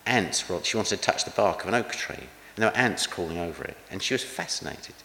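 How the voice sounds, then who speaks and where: Older man preaching, low voice, chatty and self-deprecating, long hall reverb. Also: lively intonation, brisk, vocal fry, bright, forceful tone, a little hiss or hum. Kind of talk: conversational sermon with anecdotes.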